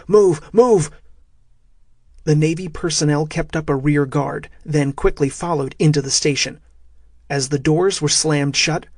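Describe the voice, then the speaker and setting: Gravelly male audiobook narrator. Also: a little high, no echo, clean studio sound. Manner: steady, measured storytelling. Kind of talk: scripted thriller narration.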